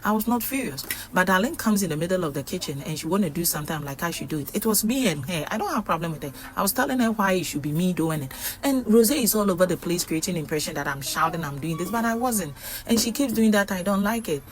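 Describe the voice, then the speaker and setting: A woman's voice: fairly low pitch, animated, fast, few pauses. A woman recapping a reality show in casual, chatty storytelling, with frequent fillers.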